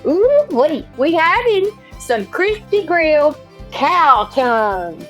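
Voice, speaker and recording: A woman's voice: sits high, very animated, takes it slowly, fairly bright tone, muffled recording, soft background music. A young woman with a Southern Alabama mountain accent, chatting casually as podcast co-host and laughing often. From Alabama, USA. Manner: giggly, laughs often, playful. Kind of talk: casual chat.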